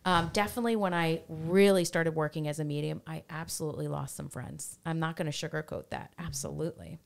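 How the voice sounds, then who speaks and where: A woman in her thirties, a spiritual medium and podcast guest, telling stories in a candid, animated way. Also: low-pitched, a little fast, creaky. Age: 30s. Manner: candid, animated, laughs easily. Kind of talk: casual storytelling conversation.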